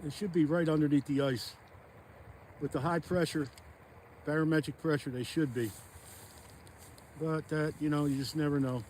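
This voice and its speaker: A man vlogging as he ice fishes outdoors on a frozen pond, rambling and thinking out loud into a phone camera. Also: on the high side, fairly even intonation, moderate pace, long pauses, a little hiss or hum. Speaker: fishing vlogger. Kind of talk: casual narration while ice fishing.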